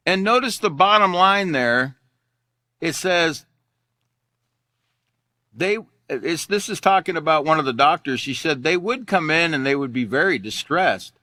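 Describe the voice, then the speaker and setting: A man's voice: on the high side, expressive, measured pace, pauses often, bright, forceful tone, no room sound, studio quality. Sarcastic older man teaching a class. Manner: mocking and sarcastic, reads articles aloud, repeats himself.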